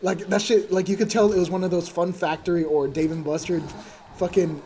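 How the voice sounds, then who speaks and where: A man's voice: high voice, fairly even intonation, fairly quick, mellow, a little hiss or hum. A man streaming a game, telling a rambling, profane story with frequent laughs. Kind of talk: casual gaming chat.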